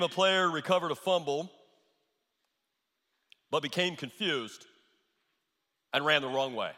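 A man's voice: high-pitched, pushed and bright, long reverb tail. A male pastor preaching a sermon, repeating his key lines for emphasis.

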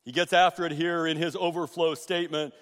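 A man preaching a sermon as pastor, swinging between loud emphatic bursts and hushed asides. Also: fairly high pitch, level tone, a little fast. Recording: long reverb of a large hall.

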